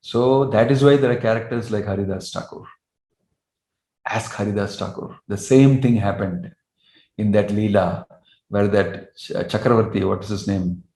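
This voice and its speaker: A man's voice: lowish voice, steady tone, moderate pace, mellow. A man, a monk, giving a devotional lecture in an earnest manner, telling stories and asking rhetorical questions. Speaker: monk and spiritual teacher. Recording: roomy echo.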